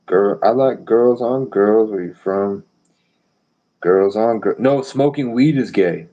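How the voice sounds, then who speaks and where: Low-voiced, boastful rambling man. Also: takes it slowly, warm tone, lo-fi sound. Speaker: live streamer. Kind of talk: rambling live-stream monologue.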